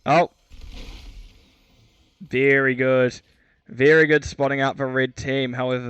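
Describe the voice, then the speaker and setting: A man's voice: mid-range voice, level tone, measured pace, pauses often, fairly bright tone, smooth, dry recording. A man giving solo esports commentary, chatty and self-mocking, stumbling over player names and correcting himself. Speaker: esports caster.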